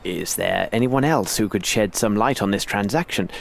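A grave, gravelly Holmes. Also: male voice, lowish voice. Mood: serious. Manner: measured, serious, formal. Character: Sherlock Holmes, grave, cool-headed detective. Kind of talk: game voice acting.

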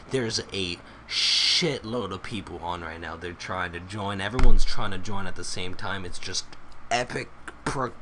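Excitable gamer guy, bright voice, unhurried talk, faint hiss behind, casual gameplay vlog. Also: fairly low pitch. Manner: excitable, exclaims often and swears freely. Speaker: gamer recording his play. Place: at home at his computer.

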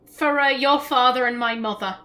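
A woman hosting a let's play, commenting on the game in an emotional, expressive way. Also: high voice, moderate pace. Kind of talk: gameplay commentary.

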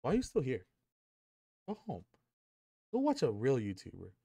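The young gaming YouTuber has a warm, slightly rough medium-pitched voice with vocal fry and huge pitch swings, moving at a moderate pace. He rambles and jokes to camera at home with his dog, swearing freely and saying um a lot, on a headset microphone.

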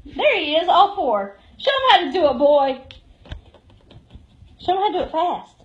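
A woman's voice: extremely high pitch, big pitch swings, moderate pace, highs cut off. A woman giving a live tour of a cat shelter, cooing and baby-talking to the cats as she goes. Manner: coos and baby-talks to cats.

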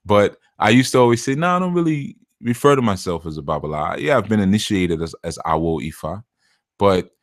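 Male spiritual teacher, casual and chatty, low voice, dry close recording. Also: animated, brisk, no room sound. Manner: conversational, laughs often, puts on voices for quotes. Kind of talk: casual talk to listeners.

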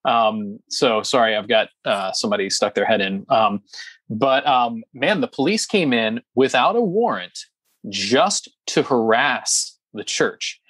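A man's voice: medium pitch, expressive, a little slow, a bit bright, slightly rough, no room sound. A man co-hosting a podcast in casual chat, talking emphatically and heatedly, with lots of ums and restarts. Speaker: podcast co-host.

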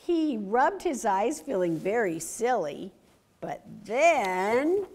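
A woman reading a picture book aloud to children, animated and stopping to ask them questions. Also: on the high side. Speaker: story time reader.

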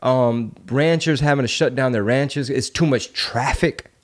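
A man's voice: mid-range voice, a little slow. A man hosting a podcast in casual chat, ranting with heated rhetorical questions and loose street slang. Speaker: podcast host.

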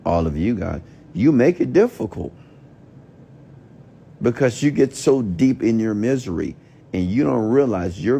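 Gravelly, profane motivational ranter, man. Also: lowish voice, dark tone. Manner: blunt, profane, mocks whiny voices. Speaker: entrepreneur and mentor hosting a livestream. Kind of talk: late-night motivational rant.

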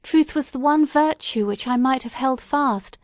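A woman's voice: high-pitched, a little slow, no room sound, voice pushed up. A passionate, desperate woman pleads in a raised, impassioned voice, as a woman reader puts her on. The sound is close and dry, with no room around it. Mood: pleading.

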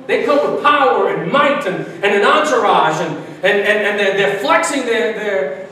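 A man from Brooklyn, preaching an animated sermon as pastor, often restarting and repeating himself. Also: very high voice, a little hiss or hum. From Brooklyn, New York. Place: large church sanctuary. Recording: very echoey church from far off.

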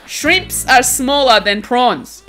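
A young woman talks with a bright, forceful tone and an unhurried, drawn-out delivery. She chats and giggles as she streams a game, teasing the people in her chat. Faint game music plays quietly underneath her voice. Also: high-pitched. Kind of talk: casual live-stream chat while playing.

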